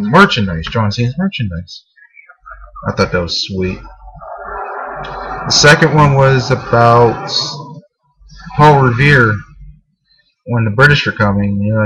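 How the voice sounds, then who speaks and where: Rambling man with a lively, swooping voice. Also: medium pitch, rough recording. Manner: rambling and hesitant, with frequent fillers and swearing. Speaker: wrestling show reviewer. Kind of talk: casual video review.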